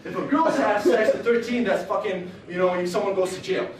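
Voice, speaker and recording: A man's voice: sits high, moderate pace, over a noisy crowd. A young man giving a humorous talk on stage, rambling with lots of fillers and laughter, recorded from far off in a lecture hall. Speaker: speaker.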